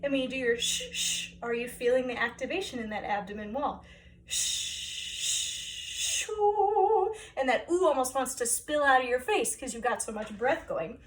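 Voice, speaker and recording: A woman choir director guiding singers through breathing and vocal warm-up exercises, encouraging them step by step. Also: fairly high pitch, fairly quick, few pauses, recorded from a distance.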